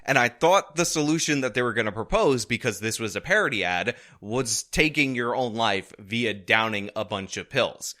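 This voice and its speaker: Man, casual commentary, sarcastic and mocking, bright voice, lively pitch. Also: normal speed, hardly any pauses. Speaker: online political commentator.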